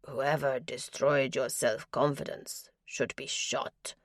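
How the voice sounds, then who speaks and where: A woman voicing a charming male trawler skipper with a faint Norwegian accent, speaking low, slow and passionate. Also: fairly even intonation, no echo, clean studio sound, full character voice. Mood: smooth, earnest.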